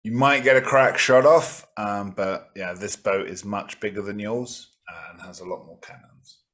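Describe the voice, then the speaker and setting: A man narrating as game master of a tabletop role-playing game, playful and quick to laugh. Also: fairly low pitch. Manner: laughing, playful, bursts into shouted character lines.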